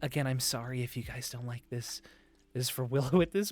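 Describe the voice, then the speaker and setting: A man streaming live, chatting in a soft, breathy, put-on high "femboy" voice close to the mic, giggling and reading chat aloud. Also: fairly quick, faint music behind.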